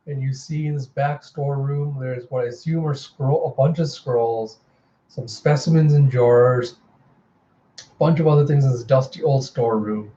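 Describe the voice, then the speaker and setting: A man casually narrating a comic readthrough in a relaxed, enthusiastic way. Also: medium pitch, normal speed, highs cut off. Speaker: comic reviewer.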